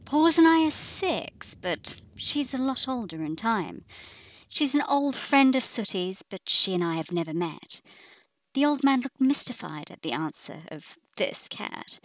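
A woman's voice: a little high, very animated, unhurried, no echo, poor audio. Woman telling a spooky rhyming tale. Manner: playful, hushed spooky whispers. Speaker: storyteller voicing the cat Sweep. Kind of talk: rhymed bedtime story narration.

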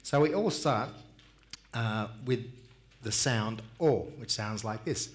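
A man's voice: fairly low pitch, slow. Upbeat man leading a group workshop. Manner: upbeat, encouraging, calls out and sings examples. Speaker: music and dance workshop leader. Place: conference room with audience.

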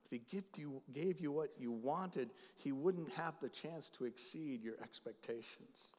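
A middle-aged male pastor preaching a sermon, shifting between loud emphatic lines and quiet storytelling. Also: fairly high pitch, a little slow, few pauses. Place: church sanctuary. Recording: long hall reverb.

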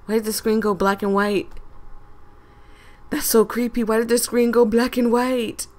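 A woman's voice: a little high, level tone, moderate pace, darkish tone. Giggly young woman gaming host. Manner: giggly, self-mocking asides. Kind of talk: casual gameplay commentary.

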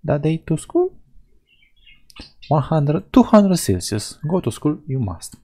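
A man's voice: a little high, very animated, slow, warm tone, poor audio. A man narrating a video game playthrough, reading the game's lines aloud in a playful way. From Europe. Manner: playful, reads in-game dialogue with mock voices. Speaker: gaming video host. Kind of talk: Let's Play commentary, reading game text aloud.

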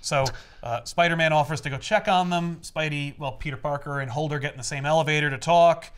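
A man casually recapping a comic book for friends, animated and acting out character lines in quick voices. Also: a little high, smooth. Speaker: comic podcast host recapping a comic.

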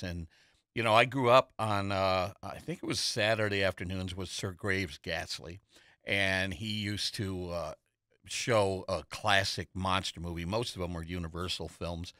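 A man hosts a casual studio chat and spins long, meandering stories full of fillers. His voice sits low but has a bright, forceful edge, and the studio mic sounds dry and close. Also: steady tone, unhurried, no room sound. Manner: chatty, nostalgic storyteller with many fillers. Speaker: host. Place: local TV studio. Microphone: studio microphone.

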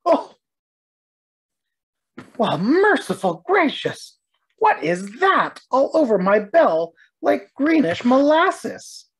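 A flustered old bell ringer from a storybook, as a woman reads him. He mutters in puzzlement, then exclaims with lively swings of pitch at a slow pace. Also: breathy edge, heavily acted. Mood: astonished.

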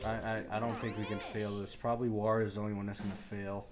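A man's voice: on the low side, level tone, quick pace, over music. Young man grumbling and swearing at a game. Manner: crude trash talk, swinging from mumbled grumbling to yelling. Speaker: gaming YouTuber. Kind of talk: live gameplay commentary.

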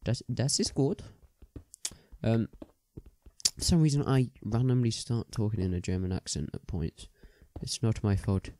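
Chatty deep-voiced young man. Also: unhurried, dark tone, no room sound. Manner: rambling, chatty, many ums and restarts. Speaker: gaming video host. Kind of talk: casual game commentary.

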